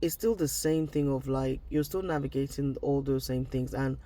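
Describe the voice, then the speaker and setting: A man's voice: mid-range voice, moderate pace, dark tone. A man from Nigeria, talking through personal reflections in a casual diary vlog, often trailing off and restarting his thoughts. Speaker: vlogger.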